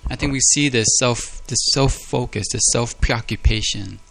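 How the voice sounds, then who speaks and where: A man's voice: medium pitch, normal speed, vocal fry, fairly bright tone. A man preaching a sermon in an earnest, confessional way, often repeating words as he speaks. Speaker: pastor.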